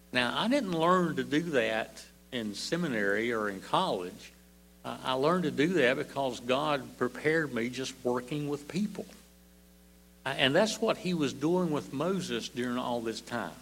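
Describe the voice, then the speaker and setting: An older man preaching a sermon, slow and halting, with many fillers and repeated words. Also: medium pitch, a bit bright, slight background noise.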